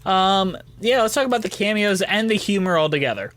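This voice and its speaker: A man's voice: high voice, expressive, fairly quick, a bit bright. A man co-hosting a podcast in casual chat, laughing often as he talks. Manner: giggly, laughs often while talking. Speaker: podcast co-host.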